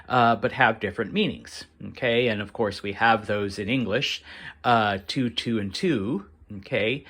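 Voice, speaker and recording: A man teaching a Spanish lesson to students, halting with many fillers and often checking in with "okay?". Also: mid-range voice, fairly bright tone. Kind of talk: classroom lesson explaining to students.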